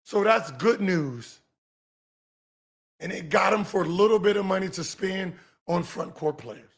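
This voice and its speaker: A man in his forties hosting a podcast, giving heated commentary and mocking someone in an animated, sing-song teasing way. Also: sits high, unhurried. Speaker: podcast host.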